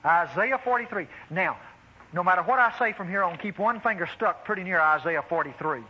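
A man preaching a sermon, animated and exclaiming, addressing the congregation as beloved. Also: sits high, a little fast, husky, muffled recording.

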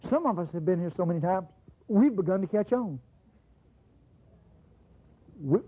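Husky preacher, big swoopy pitch, sounds like an old phone-line tape. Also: moderate pace, pauses often. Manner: animated, swinging between low intimate asides and high bursts; addresses the congregation directly with call-outs. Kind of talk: sermon. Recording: tinny lo-fi sermon recording.

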